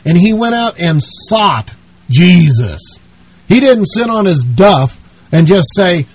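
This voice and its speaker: Husky preacher man pleading with his listener, kinda high voice, dry dull recording. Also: very animated, slow pace, no room sound. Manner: earnest, pleading, addresses listener as friend. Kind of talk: sermon.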